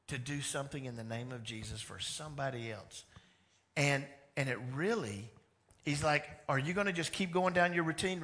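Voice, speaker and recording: Animated male pastor preaching a sermon. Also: on the high side. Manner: animated, swings between loud emphasis and hushed lines.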